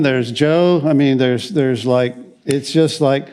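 A man's voice: mid-range voice, slow, hardly any pauses, a little mellow, clean tone. An older man preaching a conversational sermon as pastor, rambling along with frequent restarts and wry asides.

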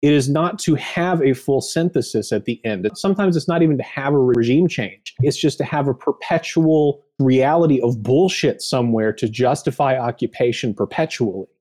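Man, podcast co-host, warm mellow voice, emphatic, cursing. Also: mid-range voice, normal speed, few pauses. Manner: emphatic, swears freely. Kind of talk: casual podcast discussion.

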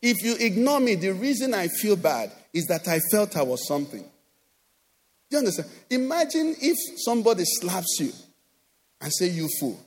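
A man with a Nigerian accent preaching a sermon as pastor, animated, acting out quoted voices and often asking "do you understand?". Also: sits high, moderate pace. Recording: long hall reverb.

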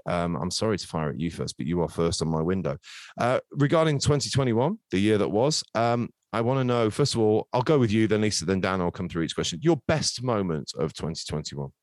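Brisk low-voiced man hosting. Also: darkish tone, dry recording, studio quality. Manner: brisk, jokey, swears freely. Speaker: podcast host. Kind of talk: casual football podcast chat.

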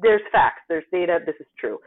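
A woman scientist from the United States talking casually in an interview, telling stories with animated emphasis. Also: on the low side, a little fast. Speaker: guest scientist. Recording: tinny phone-like line.

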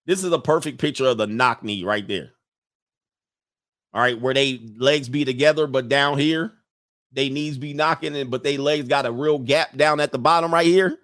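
A man riffs through a casual livestream, blunt, loud and joking, laughing between lines. His voice sits at an ordinary middle pitch, and the sound is close and dry with no room around it. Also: dry recording. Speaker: livestream host.

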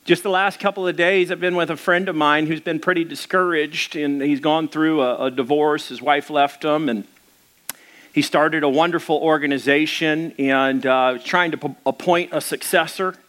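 A man's voice: a little high, steady tone, normal speed, a bit bright. A man who is a pastor, telling stories in a casual, rambling sermon with many fillers. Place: church.

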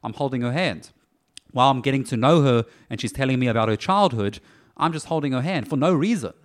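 A man's voice: mid-range voice, fast. Man explaining dating tactics in steps. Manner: animated, breaks points into steps. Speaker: podcast guest, dating coach. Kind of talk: casual podcast explanation.

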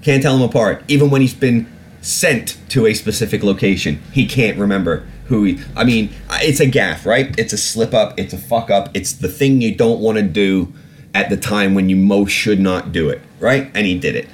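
A man's voice: lowish voice, normal speed, slight background noise. A man hosting a solo podcast, ranting about politics with heavy swearing and rambling, filler-laden asides. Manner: profane, ranting, swears often; rambling with many fillers and restarts. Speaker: podcast host.

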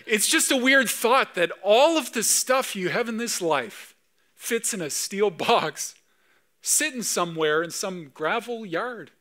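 Lively, bright-voiced man preaching. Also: sits high, measured pace. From Canada. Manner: storytelling, animated, conversational, sometimes emotional. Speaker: pastor. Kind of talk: sermon.

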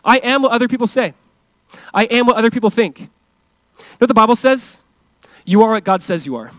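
A man in his thirties preaching a sermon as pastor, earnest and fervent, dropping to hushed tones for tender passages and rising for emphasis. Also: extremely high pitch, lively intonation, fairly quick, no echo, rough recording.

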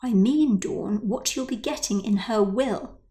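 A woman's voice: mid-range voice, a little slow, dark tone, natural voice. A woman voicing a sly, cold mother whose words sound sweet but hollow. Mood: falsely sweet. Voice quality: sticky, sly, falsely sweet.

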